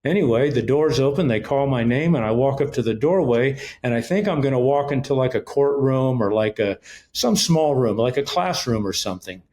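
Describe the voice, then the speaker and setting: A middle-aged ministry leader, appearing as an interview guest, earnestly shares his personal testimony and acts out the dialogue as he recounts events. His mid-range voice has lively intonation, a normal pace, and a slightly mellow quality.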